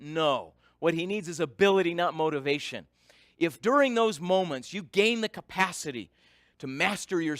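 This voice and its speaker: Middle-aged male speaker, slightly high, very animated delivery, dry close sound; dramatic keynote storyteller. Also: no room sound. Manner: dramatic, varies loudness, lists in rhythm. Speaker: speaker giving a talk.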